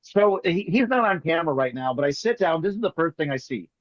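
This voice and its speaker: A man performing as a magician, telling jokey stories in quick comic patter over a video call. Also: on the high side, expressive, dry recording, dull audio. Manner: rapid joking storyteller, playful teasing. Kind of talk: comic patter on an online show.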